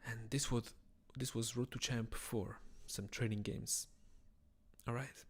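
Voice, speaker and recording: A tired young man from Italian-speaking Switzerland, a native Italian speaker, chatting casually and quietly on a chess live stream. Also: mid-range voice, steady tone, slow pace, slightly rough. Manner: talks quietly so as not to wake someone.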